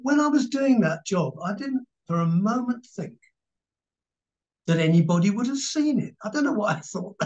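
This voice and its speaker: A man in his sixties with an English accent, chatting as an interview guest. He tells his stories with lively energy and bursts of laughter, his voice sitting slightly high. The recording sounds dull and lo-fi. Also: moderate pace. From England. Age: 60s. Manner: animated storyteller, laughing, mimicking others. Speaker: guest actor. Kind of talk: casual anecdotal interview.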